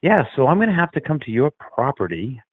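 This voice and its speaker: A man's voice: medium pitch, very animated, a little fast, slightly rough, no room sound. Boston-accented male caller, self-mocking joker, lo-fi line. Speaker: caller, lawn care business owner. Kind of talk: joking casual chat.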